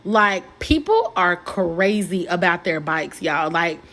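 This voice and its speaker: Animated, profane woman telling a story. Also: lowish voice, slow pace. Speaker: podcast host. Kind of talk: casual storytelling.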